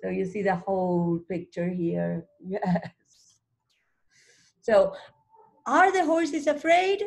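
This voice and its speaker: A woman leads a phonics read-along for a young child, sounding out each letter with patience. She speaks very slowly and deliberately and keeps her pitch in an everyday middle range. Her tone stays gently encouraging as she prompts the child. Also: gravelly. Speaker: reading teacher.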